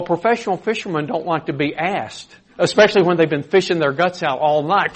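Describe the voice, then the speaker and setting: A man preaching a sermon in an earnest, conversational way, with animated emphasis. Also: fairly high pitch, brisk, few pauses, slightly rough.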